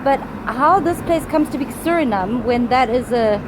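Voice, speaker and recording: A woman's voice: high voice, expressive, normal speed, noisy background. A woman co-hosting a travel vlog, explaining in a chatty, wondering way. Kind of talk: casual explanatory narration.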